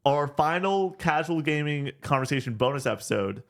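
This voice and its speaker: A man co-hosting a casual gaming podcast, animated and excitable, swearing and stumbling over his words. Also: on the high side, normal speed. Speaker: podcast co-host.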